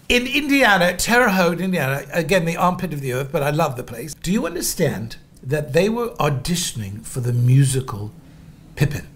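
A middle-aged man hosting a podcast and spinning stories about his own past. His voice sits fairly high for a man and leaps around a great deal. He gushes, then drops into hushed asides. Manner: animated, gushing, swings between loud asides and hushed remarks. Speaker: podcast host. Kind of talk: storytelling monologue.

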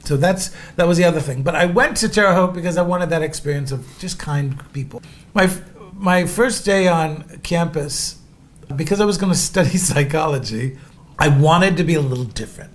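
Man, middle-aged, podcast host, storytelling, somewhat high voice, gushing, hushed asides. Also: moderate pace. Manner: animated, gushing, swings between loud asides and hushed remarks. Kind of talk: storytelling monologue.

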